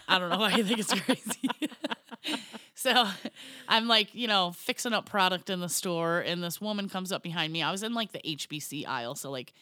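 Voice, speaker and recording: A woman's voice: lowish voice, normal speed, pushed and bright, no room sound, studio quality. A woman co-hosting a podcast, telling stories in casual chat, laughing often and saying "you know" a lot. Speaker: podcast co-host.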